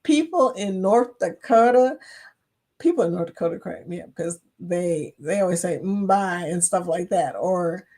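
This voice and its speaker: A woman's voice: on the low side, moderate pace, mellow, breathy edge. A woman with a Kentucky accent hosting a casual livestream chat, chatting away, reading viewer comments aloud and laughing often. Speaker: livestream host.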